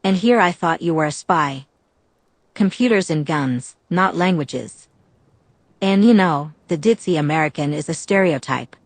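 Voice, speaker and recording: A woman's voice: deep voice, expressive, a little slow, no room sound, full character voice. A woman voicing a playful young female vampire seer in a storybook reading, cheerful and teasing.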